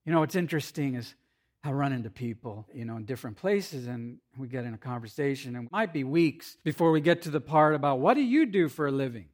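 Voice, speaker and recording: A man's voice: medium pitch, quick pace. A man preaching as a pastor, speaking conversationally with playful asides and acted-out quotes. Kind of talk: sermon.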